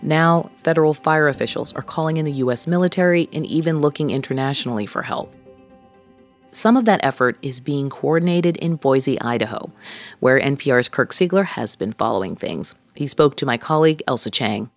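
A news podcast host reading scripted narration in a measured, steady delivery. The voice sits at an ordinary mid pitch. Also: soft background music.

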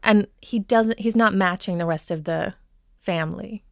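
A woman from Minnesota talks through accent coaching in a calm, explanatory way, pausing on thoughtful ums. Her voice is smooth and clear. The sound is dry and close. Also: medium pitch, no echo. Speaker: dialect coach. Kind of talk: conversational interview.

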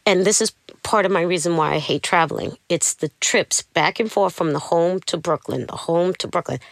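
A middle-aged woman telling her personal story in an interview, animated and acting out the people she quotes. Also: lowish voice, moderate pace, creaky, no echo, studio quality. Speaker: interview guest.

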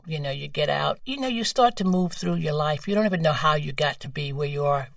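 A woman in her seventies with a New York accent, a guest telling frank, lively stories and laughing easily. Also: low voice, creaky, no echo, clean studio sound, distant mic. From New York, USA. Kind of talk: candid storytelling conversation.

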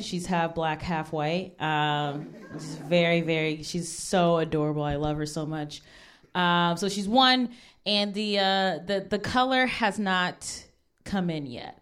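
A woman's voice: fairly low pitch, unhurried. A woman in her thirties from Ohio, performing a stand-up comedy set on stage before a live audience, laid-back and wry with many fillers. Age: 30s.

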